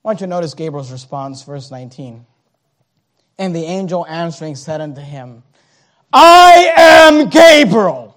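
A man preaching a sermon, acting out the scripture characters and swinging from hushed tones to shouting. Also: fairly high pitch, fairly quick. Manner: dramatic, acts out the scripture characters.

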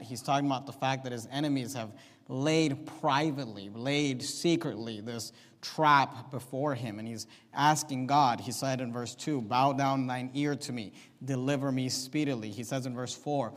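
A man's voice: medium pitch, moderate pace. Male pastor, midweek sermon, emphatic scripture reading, long church reverb. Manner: builds from calm outline to emphatic scripture reading. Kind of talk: Wednesday night sermon.

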